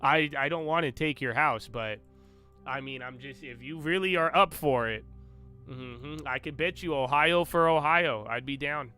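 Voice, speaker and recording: Bright, forceful and smooth, his slightly high voice keeps a normal speed over soft background music. He's a young man hosting a live trading stream, casually boasting, cursing and bantering with his chat in a cocky style.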